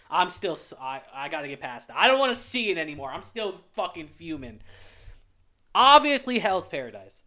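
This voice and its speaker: A young man's voice, on the high side, bright, and forceful, carries a casual reaction rant on his anime review channel. Reacting to a list, he sounds heated, exasperated, and profane.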